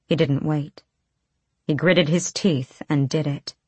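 A woman narrating a fantasy audiobook in a measured, low-key storytelling manner. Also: fairly even intonation, dark tone, slightly rough, no echo.

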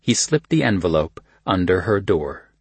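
A man narrating an audiobook in a calm, even storytelling manner. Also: sits low, moderate pace, slightly rough, no echo.

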